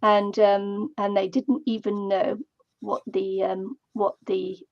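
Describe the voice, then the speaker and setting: A middle-aged woman co-hosting a casual crafting chat, talking haltingly with many fillers. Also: medium pitch, flat delivery, no room sound. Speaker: co-host. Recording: dull lo-fi sound.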